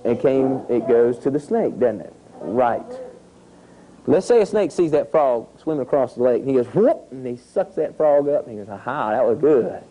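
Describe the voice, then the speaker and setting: Animated man teaching kids. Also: mid-range voice, normal speed, a little hiss or hum, rough recording. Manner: animated storytelling with sound effects. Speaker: environmental educator. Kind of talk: outdoor lesson to children. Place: outdoors at a nature center.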